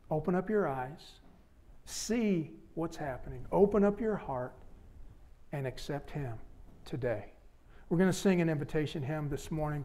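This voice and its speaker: A male pastor preaching a sermon in church, with repeated emphatic appeals that fall low and soft at the ends of phrases. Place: church sanctuary.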